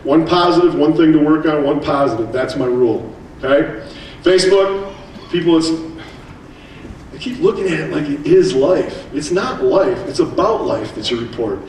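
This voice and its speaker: American male keynote speaker, animated and joking, recorded from afar with light hiss. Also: on the high side. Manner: animated storytelling with quick asides. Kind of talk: conference keynote. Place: large hall. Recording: echoey hall, distant mic, faint noise.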